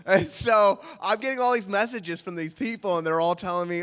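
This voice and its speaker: A young man telling a personal story in an animated way, acting out the quotes, in a hall with a long echo. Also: high voice, normal speed, few pauses.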